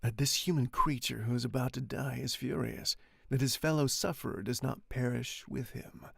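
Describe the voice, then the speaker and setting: A man voicing a cold, worldly aristocrat who speaks slowly and calmly with cynical detachment in a storybook reading. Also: medium pitch, gravelly, husky, no room sound, studio quality, heavily acted. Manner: cold, slow and measured.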